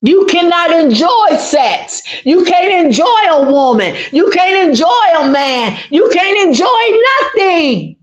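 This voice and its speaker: A woman's voice: very high-pitched, big pitch swings, slow, hardly any pauses. A woman hosting her own channel, talking through an emotional monologue in a repetitive, pleading, heartfelt way. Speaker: channel host giving life advice.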